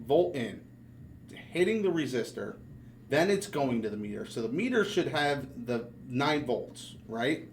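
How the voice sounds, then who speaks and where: A man's voice: mid-range voice, very animated, a little slow, a little hiss or hum. A man at a hobby workbench, thinking aloud and swearing freely as he questions how a circuit works. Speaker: hobbyist learning electronics. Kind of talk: casual chat. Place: hackerspace workshop.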